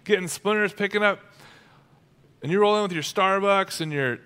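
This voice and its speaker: A man voicing a resentful field worker sneering at his boss, quick and mocking. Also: high voice, pushed and bright, clean tone, voice pushed up. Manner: sneering, rapid.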